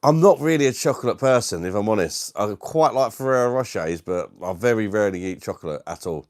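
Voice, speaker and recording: Laid-back deep-voiced British man. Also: expressive, fast talker, darkish tone, no room sound, clean studio sound. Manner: laid-back, laughs often, says mate a lot. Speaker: livestream host. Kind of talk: casual live-stream chat reading viewer comments. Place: his dining room at home.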